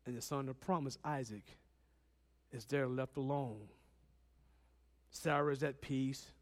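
A man preaching a sermon, swinging from loud, emphatic lines to quiet ones and acting out Bible characters. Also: medium pitch, measured pace, long reverb tail.

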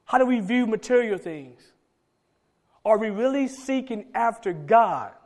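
A middle-aged man preaching a sermon, swinging between loud emphatic calls and soft low asides. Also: lively intonation, unhurried. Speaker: pastor.

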